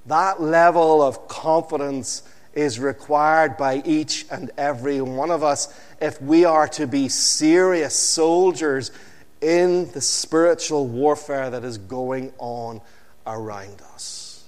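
Slow-preaching man in a reverberant hall. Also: a little high, steady tone. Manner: slow, emphatic, with dramatic pauses and a falling close. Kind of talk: sermon.

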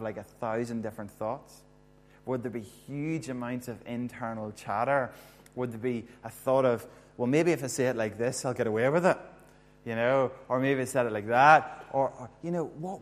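A man's voice: mid-range voice, slight background noise. A man preaching a sermon, talking in a conversational way and putting questions to his listeners. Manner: conversational, asks the audience questions. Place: church hall with a screen.

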